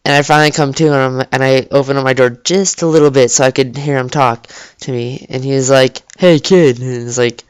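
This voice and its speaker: A teenage boy tells a story in a rambling, halting way, leaning on "like" and false starts. His voice is smooth and clear at a middle pitch. The sound is dry and close, recorded in his bedroom. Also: little pitch movement, no room sound. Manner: rambling, full of "like" and restarts. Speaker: vlogger. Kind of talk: casual storytelling. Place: cold bedroom.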